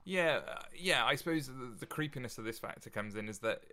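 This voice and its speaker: A man with a bright, forward voice talking casually as a podcast co-host. He's animated and chatty, laughs easily and trips over his own restarts as ideas come to him. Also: medium pitch, a little fast. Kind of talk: casual chat about Shakespeare's sonnets.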